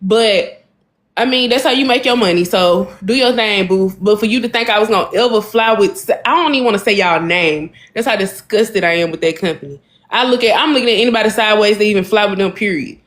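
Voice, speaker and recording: A woman co-hosting a podcast, telling a story in a casual, animated way, exasperated and speaking. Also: medium pitch, fairly quick. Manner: animated, addresses listeners as y'all, vents with exasperation. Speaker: podcast co-host.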